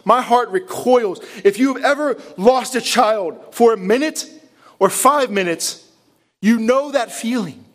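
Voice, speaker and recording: Impassioned high-voiced male preacher. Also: measured pace. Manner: preaches with rhetorical questions, impassioned. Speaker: pastor. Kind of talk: sermon.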